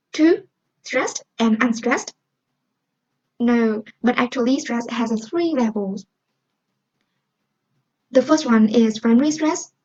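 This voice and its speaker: Husky young woman with a Vietnamese accent. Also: on the high side, mellow. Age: young adult. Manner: careful, explanatory, quizzes the listener. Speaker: student presenter. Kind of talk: class presentation. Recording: dull lo-fi recording.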